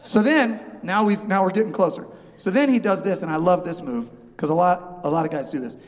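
A man preaching a sermon, telling a funny story and acting out both sides of a haggle with animated voices. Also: sits high, fairly quick, long reverb tail. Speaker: pastor.

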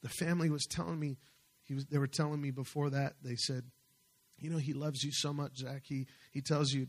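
A man preaching a sermon as pastor, fervent, slowing and swelling as he reads scripture. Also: mid-range voice, steady tone, vocal fry, slightly rough.

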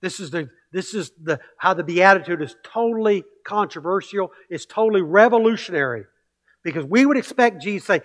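Pastor guy preaching, kinda high voice, repeats himself, builds up with questions. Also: animated, brisk, fairly bright tone. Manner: emphatic preaching with repeated phrases and rising rhetorical questions. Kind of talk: sermon.

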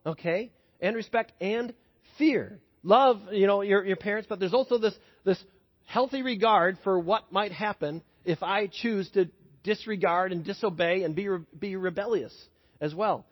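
High-voiced husky male preacher. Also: normal speed. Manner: conversational, asks the congregation questions. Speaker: pastor. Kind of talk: sermon with personal story. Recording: dull sound with long hall reverb.

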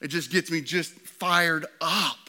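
A pastor preaching a sermon to his church, swinging from loud and excited to quiet and hushed. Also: on the high side, slow pace.

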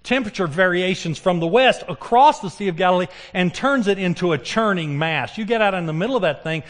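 A man preaching a sermon. He keeps putting questions to the congregation and answering them himself. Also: high-pitched. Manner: animated, asks the congregation questions.

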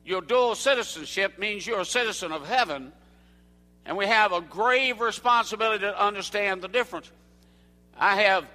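A man's voice: high-pitched, pushed and bright, big-room sound. An older man with a Southern American accent, preaching a folksy sermon to a church congregation and asking them questions. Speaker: evangelist. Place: church sanctuary.

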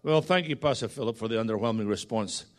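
A man's voice: medium pitch, fast talker. A Scottish man preaching as a guest in a church, joking with the congregation and calling for responses. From Scotland. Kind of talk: sermon.

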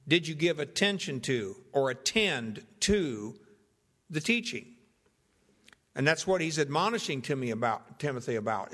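A young man preaching, teaching through a Bible passage in a measured, deliberate way and going through its translations one by one. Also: a little high, a bit bright, long reverb tail. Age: young adult. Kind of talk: expository Bible sermon.

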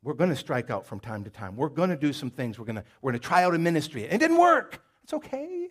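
A man's voice: mid-range voice, animated, fast talker. A man preaching a sermon in a folksy, conversational way, with jokes and stories and a Southern US accent. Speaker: pastor. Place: church.

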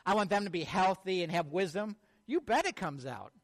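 A man with a high voice delivers a sermon from the pulpit. As a pastor, he tells lively personal stories. He acts out the people in them as he goes. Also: fairly quick. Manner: animated storytelling, acts out quotes.

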